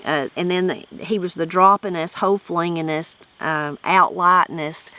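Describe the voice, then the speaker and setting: A woman's voice: on the low side, steady tone, unhurried, pushed and bright, rough recording. A woman with a Southern Appalachian accent, a channel host chatting about a book in a folksy, rambling, reflective way. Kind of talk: casual book-discussion chat.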